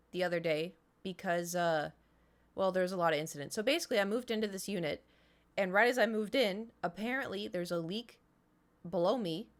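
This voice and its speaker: Chatty woman telling stories. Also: medium pitch. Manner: chatty storytelling with sound effects and whispered swearing. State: voice slightly strained. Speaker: streamer. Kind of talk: casual chat to a live stream audience.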